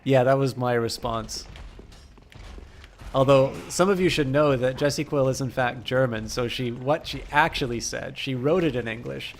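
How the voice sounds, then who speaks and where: Male game streamer, gravelly mid-range voice, chatty with sudden loud outbursts, faint background hiss. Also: medium pitch, normal speed. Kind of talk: live gameplay commentary.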